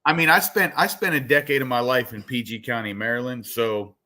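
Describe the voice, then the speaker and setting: A middle-aged man with a bright, forceful voice chats on a podcast as a fishing guide. He tells stories with animated energy and curses freely. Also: medium pitch, fairly quick, a little hiss or hum. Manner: profane, animated storyteller. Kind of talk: casual podcast chat.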